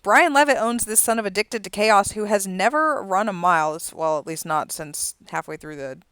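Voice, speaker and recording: Smooth-voiced woman calling horse races. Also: mid-range voice, normal speed, no echo, clean studio sound. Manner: rising, excited calling in the stretch, chatty between races. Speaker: race caller and stream host. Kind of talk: live horse race commentary with casual asides.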